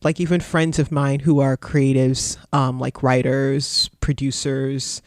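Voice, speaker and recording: A man's voice: medium pitch, level tone, unhurried, dry recording, studio quality. A man, a guest artist on a podcast, talking loosely and chattily with lots of fillers and frequent laughs. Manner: loose and chatty, heavy use of "like", laughs often. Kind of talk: casual interview chat.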